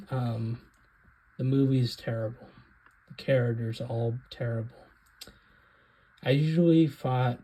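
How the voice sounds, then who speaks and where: A man's voice: medium pitch, dark tone, breathy edge, low-quality recording. A man hosting his own video, giving a casual, rambling rant about films with frequent hesitations. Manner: rambling, hesitant, many ums. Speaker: video host.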